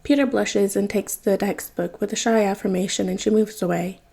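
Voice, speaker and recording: A woman reading a fanfiction audiobook in an even, wry narrating manner. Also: mid-range voice, normal speed, creaky, husky. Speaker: podfic reader.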